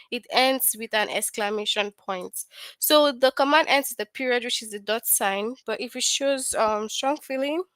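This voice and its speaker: A woman's voice: on the high side, a bit bright, dry recording. Patient woman teaching young children. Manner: patient, questioning, often asking "what?" and answering herself. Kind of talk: online grammar lesson for young children.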